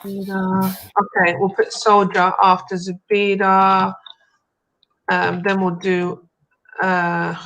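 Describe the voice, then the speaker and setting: A woman's voice: mid-range voice, monotone, slow pace, a bit bright, rough recording. A young woman hosting an online game show in casual, bubbly chat.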